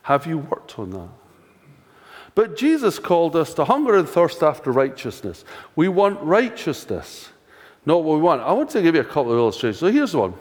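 A man's voice: a little high, wildly swooping pitch, moderate pace, a little mellow. An older Scottish man preaching a sermon in a chatty way, full of rhetorical questions and dry self-mocking humour. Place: church. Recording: long reverb of a church hall.

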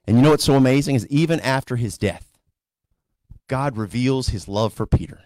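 A male pastor preaching a sermon in a conversational storytelling way, sometimes rising to animated emphasis. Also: medium pitch, moderate pace, dry recording. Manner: conversational storytelling preacher, voices characters casually.

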